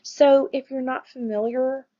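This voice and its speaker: A woman teaching a grammar lesson, patient and steady, who keeps checking in with her class as she explains. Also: high voice, unhurried, lo-fi sound. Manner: patient, checks in with "right?" and "all right?".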